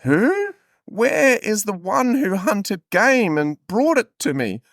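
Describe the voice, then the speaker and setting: A bewildered, trembling old father with a shrill, squeaky voice, as a man puts him on. The pitch jumps far up and the lines are drawn out slowly, swinging wildly. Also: big pitch swings, a bit bright, no room sound, clean studio sound, full character voice.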